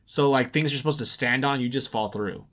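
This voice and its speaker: A man's voice: mid-range voice, a little fast. A man co-hosting a casual gaming podcast, rambling with lots of fillers and restarts. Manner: announcer-style loud intros for segments. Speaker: podcast co-host.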